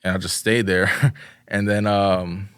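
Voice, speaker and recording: A young man with a somewhat low voice spins a loose, slangy story full of "like" and acted-out quotes. His sound is close and dry, with almost no room around it. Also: level tone, unhurried, fairly bright tone, smooth, no room sound. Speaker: podcast guest, videographer. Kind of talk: casual interview chat.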